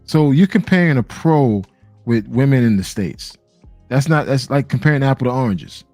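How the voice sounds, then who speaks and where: A man hosting a podcast discussion, laying out his view in a measured way, point by point. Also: mid-range voice, expressive, darkish tone, no room sound, faint music behind. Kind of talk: casual discussion.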